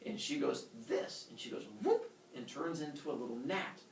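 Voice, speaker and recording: A male teacher retelling a myth to his class in a casual, animated way, full of fillers and sound effects. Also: mid-range voice, quick pace, creaky, slight background noise. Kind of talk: storytelling lesson. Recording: roomy classroom from far off.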